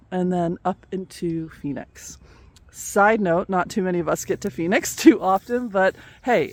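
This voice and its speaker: Chatty woman telling a spiritual fable. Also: mid-range voice. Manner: chatty storyteller, laughs often. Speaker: spiritual coach. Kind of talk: casual spiritual talk.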